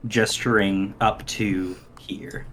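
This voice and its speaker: A man narrating as dungeon master in an online tabletop game, easygoing and quick to laugh. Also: on the low side, fairly even intonation, gravelly, a bit bright, a little hiss or hum.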